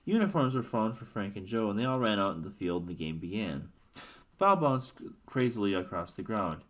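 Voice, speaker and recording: A man's voice: fairly low pitch, very animated, a little fast. A man reading a book aloud casually, now and then stumbling and correcting himself. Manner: stumbles and self-corrects, offhand asides. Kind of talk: casual read-aloud narration.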